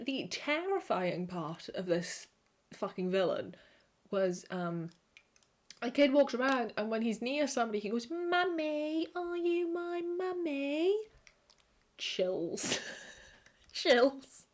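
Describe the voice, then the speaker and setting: A young Welsh woman chatting to camera, animated, swearing and laughing often. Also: fairly low pitch. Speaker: vlogger. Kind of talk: casual chat to camera.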